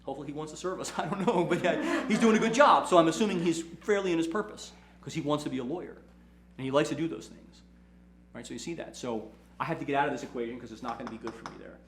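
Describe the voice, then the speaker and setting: A man, a lawyer, giving a casual motivational talk and telling animated stories, often checking in with "right?". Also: on the high side, fast, reverberant, slight background noise. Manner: animated storytelling, repeats "right?", acts out quotes. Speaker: lawyer and firm owner hosting a talk.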